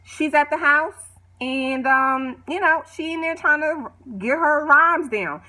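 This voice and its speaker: A woman talks through a reality show episode in a loose, slangy, opinionated way, like she is catching a friend up. Her voice sits a little high and sounds bright and forward. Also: slow pace. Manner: animated, opinionated, slangy storytelling. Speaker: show recap vlogger. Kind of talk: casual chatty TV recap.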